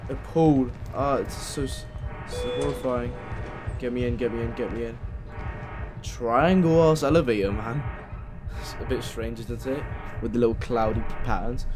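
Jumpy man playing a horror game. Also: mid-range voice. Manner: reads notes aloud, jumpy and swearing when scared. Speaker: gameplay commentator. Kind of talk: horror game let's play commentary.

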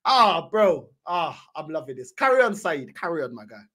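A woman's voice: low-pitched, very animated, moderate pace, fairly bright tone. A woman hosting a football reaction channel, giving casual commentary with teasing, slangy banter and frequent laughs.

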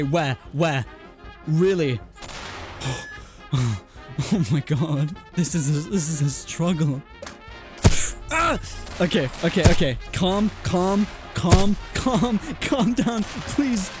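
A man giving excitable live commentary while playing a VR shooter, yelping and swearing when he gets hit, ending up out of breath, with game music and gunfire behind him. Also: on the high side, slow pace, pauses often. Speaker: gaming YouTuber.

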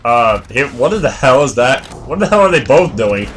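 A man's voice: medium pitch, expressive, moderate pace, fairly bright tone. A man watching a friend play a video game, teasing him and joking in a casual, chatty way. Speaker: co-commentator. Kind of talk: let's play commentary.

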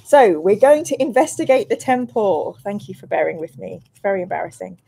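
A woman live-streams a gamebook playthrough, reading room descriptions aloud and chatting with viewers. She's bubbly and self-deprecating, breaking into excited squeals. Her medium-pitched voice is gravelly and fairly quick, with a little hiss or hum in the audio.

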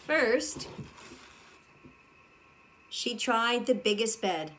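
A woman preschool teacher reading a storybook aloud to young children, animated and asking the children questions as she goes. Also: fairly high pitch, extremely slow, slight background noise. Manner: animated, addresses the children directly.

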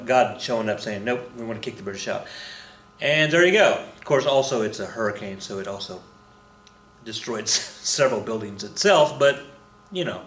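A man's voice: medium pitch, gravelly, a bit bright, echoey room. A man teaching a casual history lesson to his students, talking in a rambling, conversational way with many fillers and restarts.

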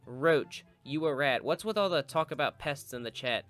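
Narrating his own gameplay, the young gaming video host tosses out sarcastic jokes and silly mock-villain lines. His slightly high voice is animated and fairly bright, at a moderate pace, with faint background music.

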